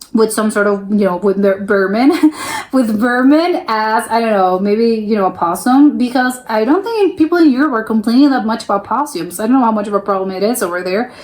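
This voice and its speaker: A woman's voice: a little high, darkish tone. Chatty young woman reacting, rambling. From United States. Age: young adult. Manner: rambling, self-interrupting, laughs often. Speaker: reaction video host. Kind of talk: casual reaction commentary.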